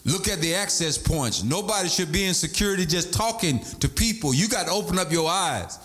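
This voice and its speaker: A man preaches with wild, sweeping shifts in pitch, his voice often climbing into a sing-song shout. He sits a little high for a man. Faint music plays underneath the sermon. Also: lively intonation, brisk. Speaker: pastor.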